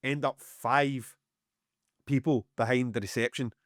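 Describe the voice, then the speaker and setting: A middle-aged Scottish man, a music promoter who co-hosts a podcast, tells a story in casual chat, swearing heavily and animatedly acting out both sides of the dialogue. His voice sits mid-range at a measured pace, recorded dry with studio quality.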